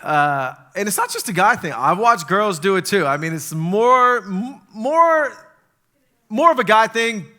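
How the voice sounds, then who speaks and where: Animated high-voiced man preaching. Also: normal speed, hardly any pauses. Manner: animated storytelling, acts out panicked quotes. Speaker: pastor. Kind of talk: sermon. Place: church stage.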